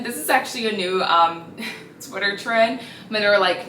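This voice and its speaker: A woman in her twenties hosting a casual gossip podcast, chatty and animated with sassy asides. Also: medium pitch, fairly quick, recorded from a distance, a little hiss or hum. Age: 20s. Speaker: podcast host. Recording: echoey room, a bit off-mic.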